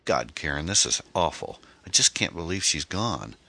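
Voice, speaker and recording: A man's voice: extremely low pitch, very animated, moderate pace, sharp tone, exaggerated voice. A man voicing a weary, grieving single mother as he reads a mystery novel aloud. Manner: weary, strained.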